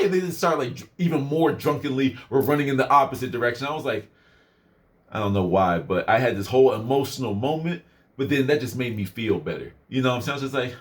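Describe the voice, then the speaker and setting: A man's voice: medium pitch, quick pace. A young man casually telling a personal story in a rambling way, full of fillers and asides. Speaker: vlogger.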